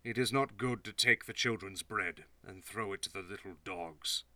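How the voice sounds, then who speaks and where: A man voicing a solemn male teacher who speaks in a quiet, low, measured way. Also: dry recording. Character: calm, solemn male teacher rebuking critics.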